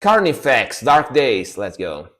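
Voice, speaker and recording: A man chatting casually on a music reaction live stream, laid-back and rambling, often trailing off quietly. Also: mid-range voice, sing-song, takes it slowly.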